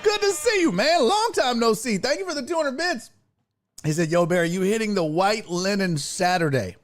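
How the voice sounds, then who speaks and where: A man's voice: high-pitched, moderate pace. A man hosting a casual sports talk livestream, telling stories with lots of swearing and reading viewer chat aloud into a desk mic. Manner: profane, animated storytelling, reads chat aloud. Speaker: sports talk show host. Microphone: headphones and desk mic.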